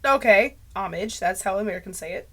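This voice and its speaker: A woman's voice: medium pitch, moderate pace. A woman vlogging in casual chat, rambling in a stream of consciousness and laughing at herself. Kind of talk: casual talking-head chat. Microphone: mic close to clipping.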